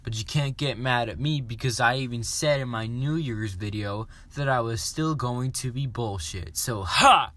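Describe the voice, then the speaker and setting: A man's voice: mid-range voice, moderate pace, few pauses, a bit bright. A young man giving a sarcastic, swearing comedic review of internet memes. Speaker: meme commentary YouTuber.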